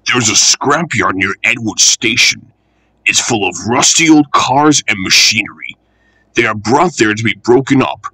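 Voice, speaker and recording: A man reading a children's railway storybook aloud, expressive and animated. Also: medium pitch, unhurried, slightly rough, no room sound, low-quality recording.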